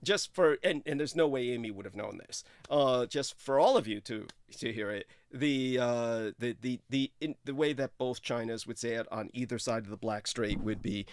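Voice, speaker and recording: A man in his thirties hosting a casual livestream, effusive and full of hesitant fillers, with sudden high exclamations. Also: normal speed, few pauses, dry recording, clean studio sound. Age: 30s. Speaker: show host.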